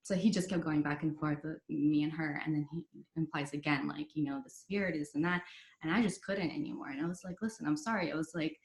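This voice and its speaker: A woman's voice: sits low, fairly even intonation, quick pace. A young woman telling her story as a podcast guest in a chatty way, full of "like" and "you know". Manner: chatty, many fillers like "like" and "you know", quotes others in dialogue. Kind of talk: casual storytelling interview. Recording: roomy echo.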